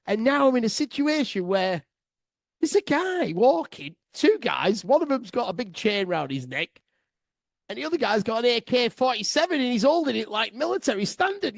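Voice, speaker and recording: A man telling a sweary comic travel story to his listeners, excitable, laughing often and swearing freely. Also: extremely high pitch, brisk, gravelly, no echo. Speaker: podcast storyteller.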